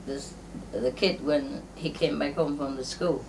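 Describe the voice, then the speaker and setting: A woman telling a string of jokes in a casual, halting way, laughing often at her own punchlines and acting out the characters in higher voices. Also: fairly even intonation, a little mellow, distant mic, slight background noise. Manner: slow, halting delivery with fillers and restarts. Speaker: joke teller.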